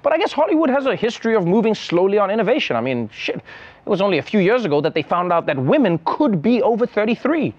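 A man's voice: high voice, very animated, fast talker, dull audio. A man hosting a comedy show, delivering a sarcastic, incredulous satirical monologue.

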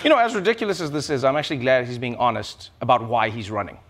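A man's voice: medium pitch, fast talker, a bit bright. A male host delivering a sarcastic, mocking comedy monologue with big swings in his voice. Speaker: late-night comedy host. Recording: noisy recording.

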